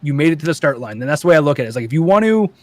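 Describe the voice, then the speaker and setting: Animated man on a podcast. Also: fairly high pitch, racing, no room sound. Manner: animated storyteller, acts out quoted voices. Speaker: paintball YouTube creator, guest. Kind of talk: casual podcast chat.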